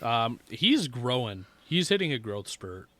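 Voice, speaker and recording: A man's voice: medium pitch, sing-song, a little slow, pushed and bright. Laid-back swearing podcast man. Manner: rambling storyteller, swears freely, laughs often. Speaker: podcast co-host. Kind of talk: casual chat.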